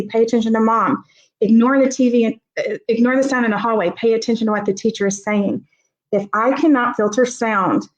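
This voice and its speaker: In a low-quality recording, a woman with a fairly high voice gives parenting advice on a live stream as a guest expert. She explains how kids develop reading skills, performing examples aloud with vocal emphasis.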